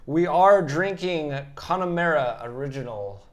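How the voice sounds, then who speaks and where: A man's voice: fairly high pitch, expressive, a little slow. A man co-hosting a casual chat show, easygoing and rambling, often restarting his sentences. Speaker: podcast co-host.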